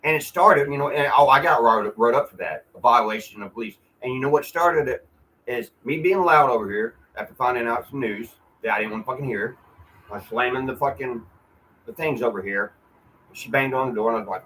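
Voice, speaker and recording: A man's voice: mid-range voice, lively intonation, brisk, a bit bright, rough recording. Frustrated, profane man venting. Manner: frustrated, profane, rambling with restarts. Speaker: vlogger. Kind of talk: casual venting monologue. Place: apartment.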